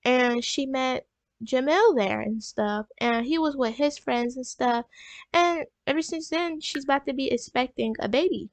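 A woman's voice: sits high, unhurried, dry recording. A woman hosting a gaming channel, telling her game's story in a rambling, casual way full of fillers. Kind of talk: casual let's-play narration.

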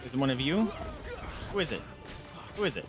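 A young man streaming a game at home on a desk mic, excitably commenting and cheering on his companion. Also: mid-range voice, brisk, over music. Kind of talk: live gameplay commentary.

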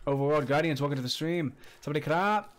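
A man streaming a survival game live, chatting with viewers and reacting excitedly as he plays. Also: quick pace. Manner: excitable, chatty, greets viewers, bursts into high squeals and laughs. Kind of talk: casual live-stream commentary. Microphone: desk condenser mic.

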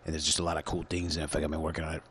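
A man's voice: extremely low pitch, little pitch movement, rapid-fire, fairly bright tone, a little hiss or hum. A man hosting his own show, rambling through a crude, profane, absurd monologue into a computer call setup. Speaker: solo show host.

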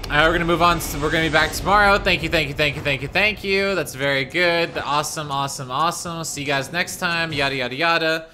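A man's voice: a little high, brisk, bright, forceful tone, slight background noise. Frustrated gaming streamer, man. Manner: frustrated, sarcastic, swearing. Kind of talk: let's play commentary.

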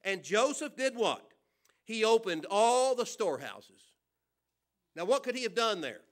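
A man preaching a sermon at a church service. He asks the congregation questions and suddenly gets loud to stress a point. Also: high voice, big pitch swings, measured pace. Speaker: pastor.

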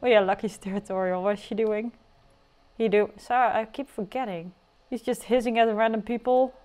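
A woman's voice: on the high side, steady tone, a little fast, a little mellow. A woman casually narrating her life simulation gameplay in a chatty, teasing way, with playful outbursts. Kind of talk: casual game commentary. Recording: faint music behind.

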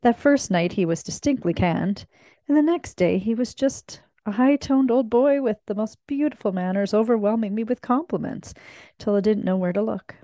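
A woman's voice: mid-range voice, moderate pace, warm tone, no room sound, voice pushed up, natural voice. A woman voicing an easygoing, offhand young man in a classic mystery read aloud, with a casual drawl.

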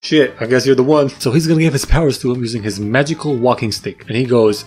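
A man tears through a movie plot with crude, sarcastic commentary. His voice sits at an ordinary middle pitch, and he swears freely while poking fun at what happens on screen. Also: fast talker, hardly any pauses, a little mellow. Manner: crude, profane, sarcastic, jumps into silly voices. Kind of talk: comedic movie recap narration.

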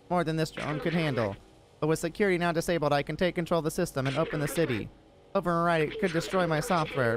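A man voicing a gentle small male robot drone, reading its lines aloud in an earnest, plain way. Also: a little high, lightly acted. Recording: noisy background.

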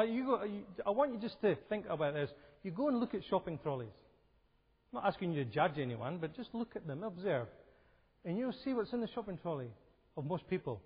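A high-pitched male voice with a breathy edge delivers a health seminar inside a church hall. He speaks conversationally and keeps asking the audience questions, and the lo-fi recording carries hall reverb.

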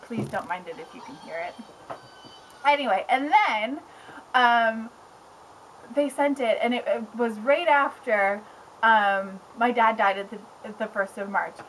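A young woman book blogger chatting casually on camera at home, excitable and rambling, with lots of "like". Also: a little high, unhurried, a little hiss or hum, poor audio. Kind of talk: casual vlog chat. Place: home with pets around.

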